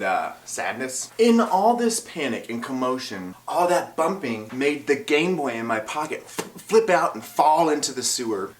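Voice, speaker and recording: Young male storyteller, comic childhood anecdote, animated with sudden yells, roomy echo. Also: fairly low pitch. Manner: animated, acts out his childhood self and yells in bursts; eats while talking. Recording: echoey room.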